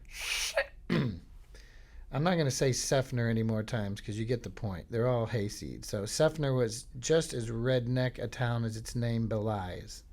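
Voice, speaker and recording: A man's voice: medium pitch, darkish tone. A man from Florida hosting a podcast, telling rambling, jokey stories in a casual comedic monologue. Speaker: podcast host.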